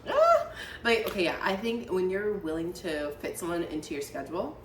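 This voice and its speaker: A woman's voice: on the low side, brisk, far from the mic. A young woman co-hosting a podcast in casual chat, chatty and opinionated, often breaking into laughter. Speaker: podcast co-host. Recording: roomy echo, off-mic, light room noise.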